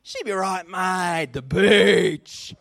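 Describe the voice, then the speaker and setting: A man's voice: high-pitched, very slow, vocal fry, fairly bright tone, no echo, clean studio sound, exaggerated voice. A man doing a laid-back Aussie bloke. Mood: carefree. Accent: Australian. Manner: drawling, carefree, slangy.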